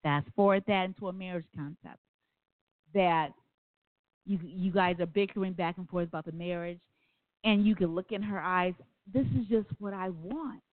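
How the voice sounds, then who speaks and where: A woman's voice: on the low side, steady tone, moderate pace, long pauses, no echo. Woman radio host over a phone-thin line. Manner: earnest storytelling, rambling asides. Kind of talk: call-in radio talk. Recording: phone-like, dry sound.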